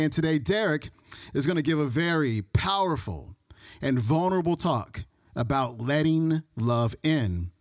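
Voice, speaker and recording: Male host, fairly high voice, upbeat casual intro, dry close mic. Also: fairly bright tone, no room sound. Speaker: podcast host.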